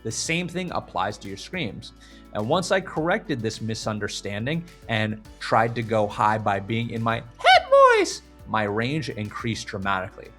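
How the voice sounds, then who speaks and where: A man teaching a scream-technique lesson, explaining clearly and stopping now and then to demonstrate screams. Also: lowish voice, big pitch swings, a little slow, a bit bright, soft background music. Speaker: vocal coach. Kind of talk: instructional video lesson.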